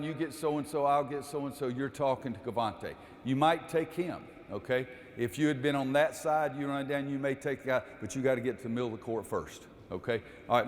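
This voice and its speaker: A man running a basketball coaching clinic, calling out cues during drills and explaining the defense to the audience. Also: medium pitch. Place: gym. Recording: echoey gym with long reverb.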